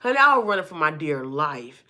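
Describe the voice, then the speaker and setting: A woman vlogger telling a personal story to her viewers in a lively, chatty way, calling them y'all and honey and acting out the people in it. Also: low voice, fairly quick. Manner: acts out the people in her stories.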